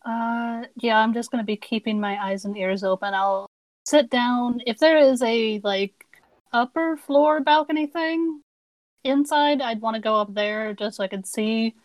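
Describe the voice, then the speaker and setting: A woman's voice: on the high side, unhurried, rough recording. A woman playing a tabletop game, easygoing and a little hesitant. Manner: easygoing, hesitant, laughs easily. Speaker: player.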